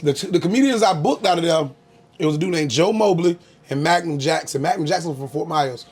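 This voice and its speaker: A young man from Florida talks loosely about his comedy career, pausing often on "um" as he goes. His voice sits a bit higher than most men's. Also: a little mellow, breathy edge. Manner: laid-back storytelling, frequent "um" fillers, bursts of laughter. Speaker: comedian guest. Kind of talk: casual interview chat.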